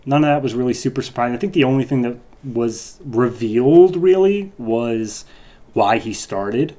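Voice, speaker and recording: A man's voice: medium pitch, normal speed, dark tone. A man who reviews comic books, giving a loose, rambling podcast recap full of asides.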